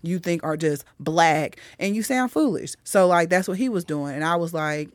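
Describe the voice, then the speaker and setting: A middle-aged woman comedian talking in a casual podcast chat, blunt and animated, swearing freely as she tells stories. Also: on the low side, moderate pace, no echo. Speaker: comedian guest.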